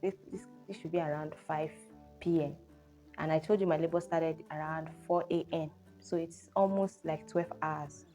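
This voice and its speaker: A young woman with a Nigerian accent, telling a personal story in a lively vlog style full of exclamations. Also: deep voice, normal speed. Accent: Nigerian English. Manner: animated storyteller, exclamations like oh and hey. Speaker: vlogger. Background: faint guitar music.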